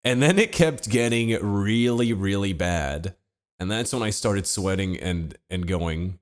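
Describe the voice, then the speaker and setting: A young man co-hosting a podcast, telling a story in a deadpan, laid-back way with wry asides. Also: on the low side, a little slow. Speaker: podcast co-host. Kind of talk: casual comedic storytelling.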